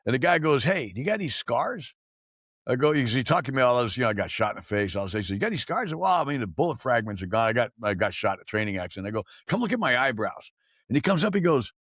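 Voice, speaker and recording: Man, podcast host, lively swinging pitch, dry close sound, laughs a lot, says dude and bro. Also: fairly quick, dry recording. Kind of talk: casual interview chat.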